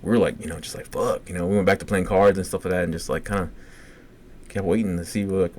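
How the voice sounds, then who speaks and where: A middle-aged man with a Cajun lilt spins a long story in a low voice, swearing freely and acting out every quote. It sounds like a casual podcast, with a faint hiss of noise underneath. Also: fairly even intonation, quick pace, a little mellow. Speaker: podcast co-host.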